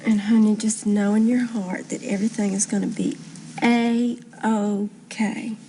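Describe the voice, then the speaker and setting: An actress playing a sweet, doting young wife and would-be singer in a 1970s TV soap. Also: female voice, medium pitch, level tone, measured pace, background noise, close to an everyday voice. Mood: soothing.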